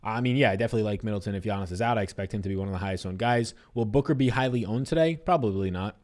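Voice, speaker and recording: A young man hosting a sports betting livestream, chatting loosely, reading viewer comments aloud and answering them. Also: on the low side. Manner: fast, animated, loose and profane.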